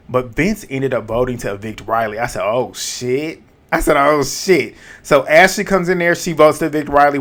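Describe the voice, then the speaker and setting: A man hosting a casual reality TV recap vlog, talking in slang with a lively, profane way of telling the story. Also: medium pitch. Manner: animated, profane, slangy storytelling with quoted reactions.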